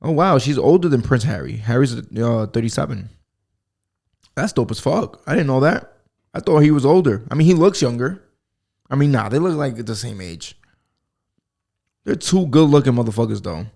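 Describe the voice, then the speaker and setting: Rambling American man with a gravelly voice. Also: medium pitch, animated, moderate pace, pauses often, darkish tone. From United States. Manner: rambling, profane, joking. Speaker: podcast host. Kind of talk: casual solo podcast monologue. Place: at home, alone. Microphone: podcast microphone.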